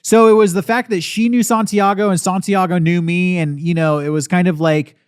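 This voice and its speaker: A man's voice: high-pitched, moderate pace, clear, resonant tone, no room sound, clean studio sound. A man hosting a podcast, chatting casually and reading out listener questions. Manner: relaxed, reads listener questions aloud. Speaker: podcast host. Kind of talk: casual chat.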